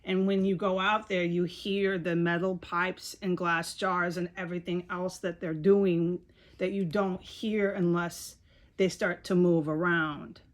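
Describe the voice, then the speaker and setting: A woman's voice: on the low side, flat delivery, a little slow. A woman giving a rambling, frustrated video monologue, repeating herself and swearing often. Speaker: video blogger.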